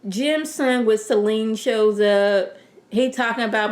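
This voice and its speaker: A woman casually reviewing a TV episode in a sassy, animated, rambling way. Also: a little high, slow. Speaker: TV show reviewer. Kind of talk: casual chat.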